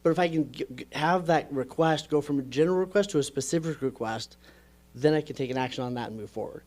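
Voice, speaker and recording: An energetic man talking on a podcast, explaining ideas with frequent "right?" checks. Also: on the high side, quick pace. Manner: energetic, repeats "right?" often. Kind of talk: podcast conversation.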